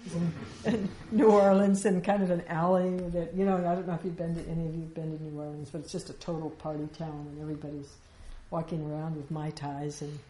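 A woman's voice: deep voice, flat delivery, fast, warm tone, a little hiss or hum. A woman giving an informal spiritual teaching, talking conversationally with rhetorical questions and light laughs. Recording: echoey room with faint ambience.

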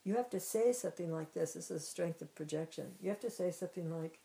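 Low-voiced woman teaching with a story. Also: fast, creaky, dark tone, low-quality recording. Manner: conversational, frequent "you know", restarts and repeats. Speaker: spiritual teacher.

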